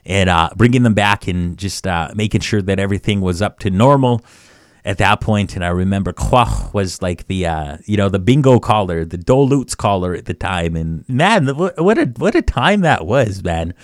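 A man teaching phrases of a language on a radio show, repeating each word slowly and chuckling between examples. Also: deep voice, animated, no room sound, studio quality. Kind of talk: casual language lesson.

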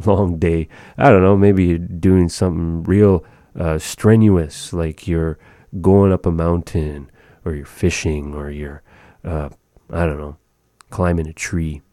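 Male language teacher, low dark voice, unhurried, dry close sound. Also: no room sound. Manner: relaxed, chatty, repeats words slowly. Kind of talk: casual language lesson.

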